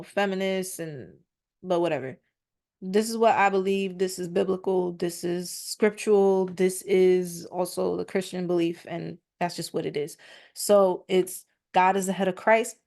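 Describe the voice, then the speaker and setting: A woman's voice: fairly low pitch, darkish tone. Female podcast host, conversational commentary with scripture readings, mic on a stand. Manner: chatty, frequent fillers, reads verses aloud. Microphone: microphone on a stand.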